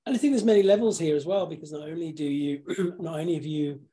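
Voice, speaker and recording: A man hosting a casual live chat, rambling with restarts and frequent throat clearing. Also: fairly high pitch, fast, mellow. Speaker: host.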